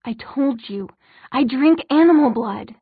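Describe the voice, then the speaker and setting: A young man turned vampire begs at his mother's door, his shouts cracking with despair, read by a woman. Her tone is husky, and the sound is narrow-band and completely dry. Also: high-pitched, animated, measured pace, dry recording, exaggerated voice. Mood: desperate. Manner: shouting, pleading, voice breaking.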